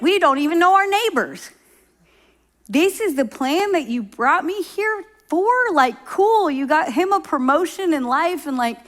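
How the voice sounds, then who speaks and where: Woman pastor, middle-aged, high voice, chatty sermon delivery with acted-out quotes. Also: fairly bright tone. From Oklahoma. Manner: conversational storytelling, acts out quoted voices.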